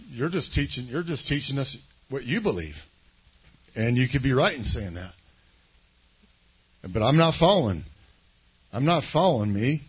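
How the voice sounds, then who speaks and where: A husky-voiced man preaching a sermon to a small congregation, leading call-and-response and making chatty asides to listeners. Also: mid-range voice, muffled recording. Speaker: pastor.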